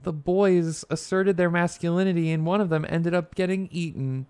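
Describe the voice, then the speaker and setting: A man's voice: sits high, normal speed, clear, resonant tone. A man with a Texas accent doing casual, joking commentary while he livestreams a video game. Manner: joking, excitable, swears when frustrated. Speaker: streamer.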